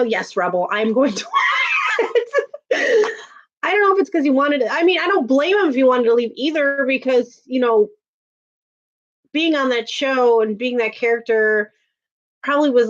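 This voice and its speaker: A woman's voice: on the high side, dull audio. A woman hosting a casual livestream, chatting with viewers, venting and laughing often. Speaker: livestream host reading chat.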